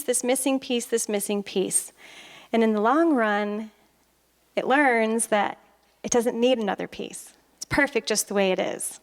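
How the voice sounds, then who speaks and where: A middle-aged woman giving a motivational talk on stage, telling personal stories in an animated way and acting out conversations. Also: fairly high pitch. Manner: animated storyteller who acts out conversations and laughs often. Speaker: motivational speaker and author. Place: stage at an expo.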